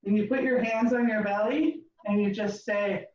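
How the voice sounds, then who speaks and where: A woman's voice: medium pitch, steady tone, moderate pace, a little mellow. A woman leading a laughter yoga session over a video call, giving cheerful, coaxing instructions. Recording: roomy, distant, dull lo-fi sound.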